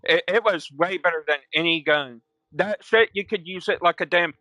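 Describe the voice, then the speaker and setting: Young guy streamer, profane slangy storyteller, fairly high voice, bright and clear. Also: normal speed, no echo. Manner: profane, laid-back slang with loud quoted outbursts. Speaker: gaming streamer. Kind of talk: casual storytelling while playing.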